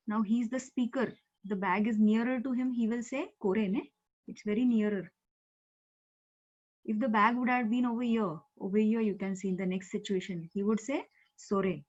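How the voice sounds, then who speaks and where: A woman's voice: a little high, a little mellow. A woman teaching an online language class, explaining patiently with many fillers over a video call. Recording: dull, muffled video-call audio.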